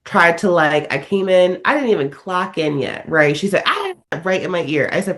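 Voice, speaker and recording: A woman's voice: fairly low pitch, moderate pace, hardly any pauses. A young woman co-hosting a podcast, chatting casually and acting out the people in her stories. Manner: animated storytelling, acts out quotes. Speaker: podcast co-host. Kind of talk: casual chat.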